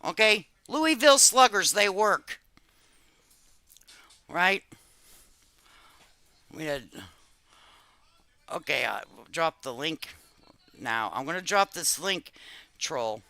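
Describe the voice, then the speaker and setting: A woman's voice: fairly low pitch, big pitch swings, takes it slowly, long pauses, pushed and bright, no room sound. A woman hosting a live stream, chatting casually in a brash, profane, joking way and calling people honey. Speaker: live-stream commentary host.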